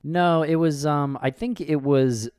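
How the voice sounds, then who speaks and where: A man's voice: on the high side, unhurried, a little mellow, smooth, no room sound, clean studio sound. A man in a casual podcast discussion, recounting details hesitantly and with many fillers.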